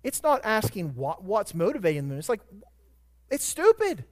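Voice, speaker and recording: A man with a high, light voice preaching a sermon. He moves from soft, measured reflection to sudden loud, ringing emphasis on key words. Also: very animated. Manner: dynamic preaching, swelling to loud emphatic peaks. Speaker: pastor.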